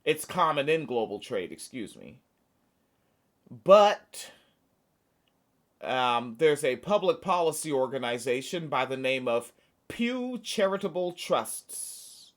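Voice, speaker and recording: A man's voice: mid-range voice, big pitch swings, slow. A man hosting a podcast, reading news aloud and breaking off into sarcastic, profane asides. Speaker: podcast host.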